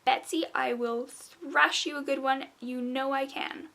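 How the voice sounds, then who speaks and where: A woman's voice: high-pitched, little pitch movement, unhurried, vocal fry, a bit bright, full character voice. A woman voicing a proud, pompous male wind spirit who speaks indignantly and defensively.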